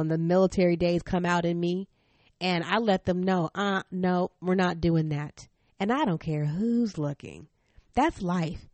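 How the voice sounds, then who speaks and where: A middle-aged woman hosting a parenting podcast, telling a family story in a frank, animated way, laughing often. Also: on the low side, dry recording. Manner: stern, frank. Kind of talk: personal storytelling.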